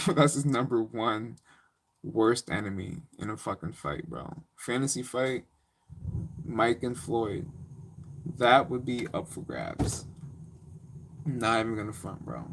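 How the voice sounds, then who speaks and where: Young male streamer, casual slangy rambler, mid-pitched voice. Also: fairly bright tone, slight background noise. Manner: rambling, slangy, laughing storyteller. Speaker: live streamer. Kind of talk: casual live-stream chat.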